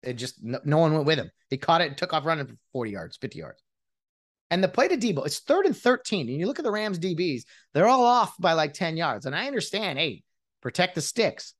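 A man's voice: a little high, sing-song, a little fast, a bit bright. A man in a casual sports rant, exasperated and mocking, often restarting his sentences as he vents as a fan. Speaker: sports commentator venting as a fan.

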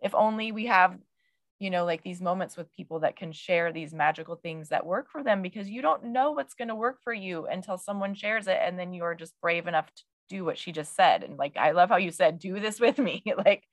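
A woman hosting a podcast interview, talking in an effusive, animated way. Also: on the low side, brisk, no echo. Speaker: podcast host. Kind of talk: casual interview chat.

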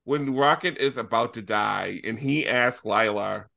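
A man co-hosting a casual film review podcast, talking excitedly and swearing freely. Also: mid-range voice, measured pace, gravelly. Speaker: podcast co-host.

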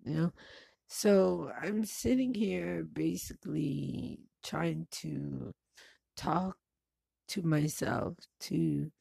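A woman's voice: extremely slow, dark tone, no room sound. A woman in her forties talking casually and bluntly to the camera, swearing freely and laughing between stories. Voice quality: low gravelly voice. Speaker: vlogger. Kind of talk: casual personal monologue.

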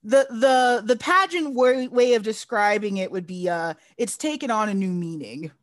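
A woman co-hosting a podcast in casual chat, sarcastic and profane with quick asides. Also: mid-range voice, lively intonation, no echo, studio quality. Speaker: podcast co-host.

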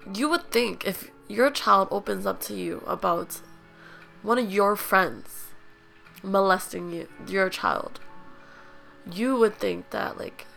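A woman's voice: medium pitch, gravelly, pushed and bright. A young woman hosting a podcast, telling her own story in a raw, emotional, blunt way, full of "like" fillers. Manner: blunt, with casual swearing. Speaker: podcast host. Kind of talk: candid personal storytelling.

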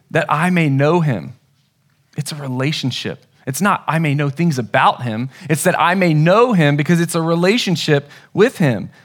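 A man in his thirties delivers a sermon as a pastor. His voice sits somewhat high, and he speaks in an earnest, conversational way, with small restarts as he tells stories about his family.

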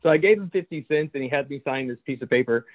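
A man's voice: mid-range voice, fast talker. A man, a chaplain and podcast co-host, telling a story in casual chat and laughing as he goes. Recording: tinny phone-like line.

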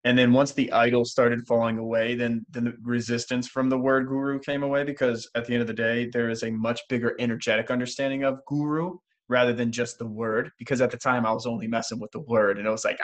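A man's voice: mid-range voice, fairly bright tone. A man co-hosting a spiritual podcast, talking in an earnest, emotional, rambling way with many restarts. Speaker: podcast co-host. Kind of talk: casual spiritual podcast chat.

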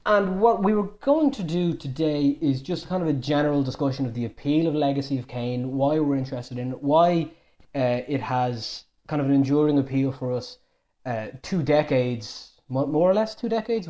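A man's voice: a little high, moderate pace, warm tone. A young Irish man hosting a casual podcast, joking and teasing his guests in a chatty way. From Ireland. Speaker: podcast host.

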